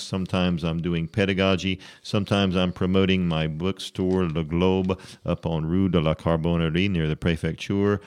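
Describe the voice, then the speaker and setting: Male radio DJ, very low voice, easygoing patter, breaks off to teach phrases. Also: darkish tone, smooth. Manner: chatty, explains phrases slowly and carefully. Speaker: radio host. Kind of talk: casual radio DJ chat with language teaching.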